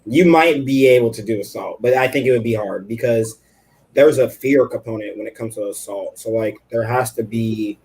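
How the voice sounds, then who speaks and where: A man calmly explaining legal points in a casual discussion. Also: medium pitch, breathy edge, poor audio. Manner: explanatory, measured. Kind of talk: casual chat.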